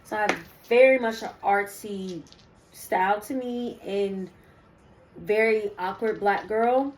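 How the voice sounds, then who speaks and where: A woman's voice: medium pitch, takes it slowly, rough recording. A young woman giving a casual spiritual card reading to her viewers, chatty and rambling with many ums and asides. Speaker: spiritual reader.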